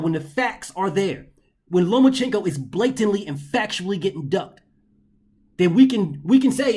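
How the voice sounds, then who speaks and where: Hosting a boxing commentary show, a high-voiced man rants in an exasperated, profane way. He hammers his points home by repeating them.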